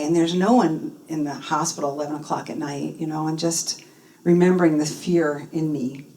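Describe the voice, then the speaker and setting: A woman giving a personal testimony talk at a spiritual center, telling her story in an animated way and acting out the dialogue. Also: lowish voice. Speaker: guest speaker. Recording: voice from a distance from the mic.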